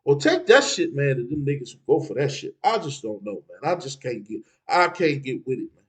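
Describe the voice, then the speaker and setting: A man's voice: medium pitch, sing-song, brisk, poor audio. A man giving street advice in a casual, preachy monologue, dropping "man" between phrases.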